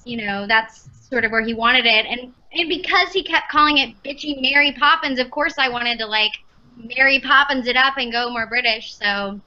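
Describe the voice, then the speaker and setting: A woman's voice: a little high, normal speed, pushed and bright, highs cut off. A woman voice actress chatting as a podcast guest, rambling with lots of fillers. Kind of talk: casual podcast chat.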